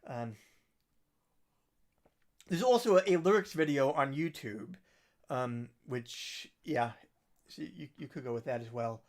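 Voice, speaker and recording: A musician hosting a livestream, chatting casually and rambling through recommendations with soft trailing asides. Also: male voice, medium pitch, expressive, measured pace, long pauses.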